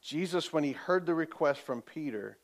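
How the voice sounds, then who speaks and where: A man preaching a sermon as pastor, telling the story vividly, asking for amens and dropping from loud to hushed. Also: on the high side, moderate pace. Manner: lively storytelling, swings between loud and hushed; asks the congregation for amens.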